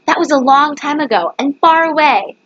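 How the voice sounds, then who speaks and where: A woman's voice: sits high, expressive, moderate pace, fairly bright tone, dull audio, voice pushed up. Woman reading as a blunt, scolding wife. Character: baker's practical, blunt wife.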